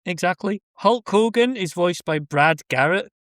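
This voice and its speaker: A man's voice: high voice, expressive, unhurried, fairly bright tone, dry recording, studio quality. A Scottish man joking wryly as a podcast guest in casual chat. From Scotland. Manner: wry, joking.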